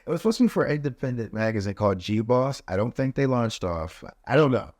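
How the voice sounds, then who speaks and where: A man's voice: mid-range voice, big pitch swings, fast talker, a little mellow, dry recording, clean studio sound. A man speaking as a podcast guest, telling a personal story in a loose, conversational way with frequent "you know" asides.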